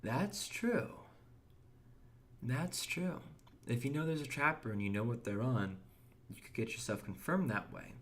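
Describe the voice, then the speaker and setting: A man's voice: medium pitch, animated, a little fast, few pauses, a bit bright. A young man chatting casually while streaming a game, reading and answering chat and often restarting his words. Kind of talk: casual gameplay commentary.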